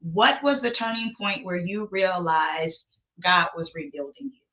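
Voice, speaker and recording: Bright, lively woman hosting a faith show. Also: on the low side, measured pace. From not from the South. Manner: animated, playful, calls listeners family. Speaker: podcast host. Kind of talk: upbeat faith interview.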